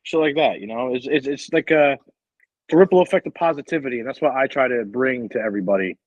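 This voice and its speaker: A man's voice: medium pitch, fast talker, no room sound. Man, podcast co-host, loose profane chat, upbeat about people, dry close sound, slightly dull.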